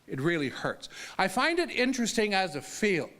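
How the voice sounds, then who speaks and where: A man, a disability advocate, telling personal stories in an earnest talk, with halting restarts and an emphatic delivery. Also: sing-song, a bit bright. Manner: earnest, halting restarts, pitch rising sharply when emphatic. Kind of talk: storytelling talk to an audience.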